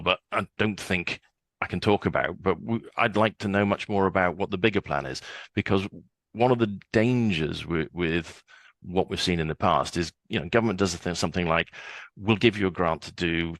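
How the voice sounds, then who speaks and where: A man's voice: low-pitched, fairly bright tone, dry recording. A man in his sixties, a guest on a podcast interview, chatty and often repeating words as he starts a sentence.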